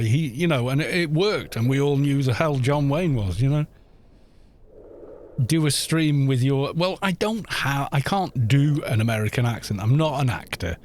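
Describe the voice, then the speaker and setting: A man's voice: mid-range voice, darkish tone, slight background noise. A man from North Wales with a mixed North Welsh and southern English accent, chatting casually on a game livestream. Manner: rambling, chatty, many restarts. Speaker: streamer.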